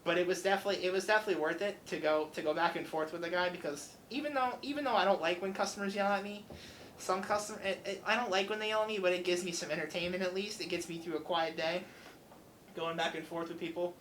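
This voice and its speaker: A man's voice: high-pitched, fast talker, slight background noise, rough recording. Young man telling a story. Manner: animated, acts out customer dialogue. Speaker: student radio host. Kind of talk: casual storytelling.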